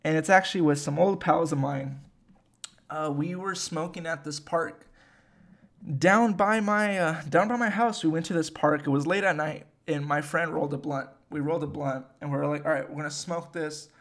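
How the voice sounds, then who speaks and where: A young man telling a story in casual chat, animated and swearing, with many fillers. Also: a little high, normal speed. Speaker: podcast host.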